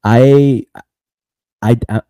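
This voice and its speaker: A man's voice: mid-range voice, fairly even intonation, extremely slow, mellow, smooth, no echo. A man hosting a podcast, recapping casually in a loose rambling way, laughing often and saying "bro" a lot. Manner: laughs often between lines. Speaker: podcast host.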